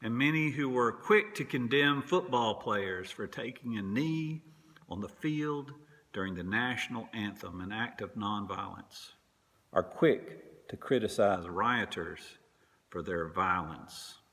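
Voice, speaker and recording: A man who is a minister, preaching a sermon in a slow, measured way with long pauses. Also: lowish voice, expressive, fairly bright tone. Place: church sanctuary.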